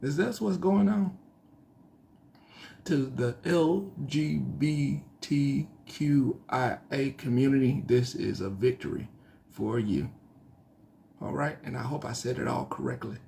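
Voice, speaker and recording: A man's voice: medium pitch, creaky, warm tone, a little hiss or hum. A man hosting his own casual news commentary, rambling and correcting himself as he works, with a slight twang. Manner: rambling, self-correcting, thinking aloud. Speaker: news show host.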